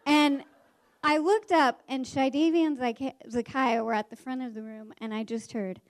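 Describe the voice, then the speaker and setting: Woman, former teacher, storytelling, animated, slightly high-pitched voice, acts out character voices. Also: normal speed.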